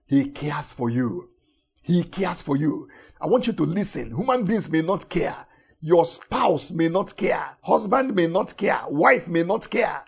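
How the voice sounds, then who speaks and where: A man preaches with a husky, slightly rough voice. His pitch swings widely as he repeats key words and moves between loud emphasis and hushed, tender passages. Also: lively intonation, a little slow. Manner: emphatic, repetitive, swings from shouting to soft intimate tones. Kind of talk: sermon.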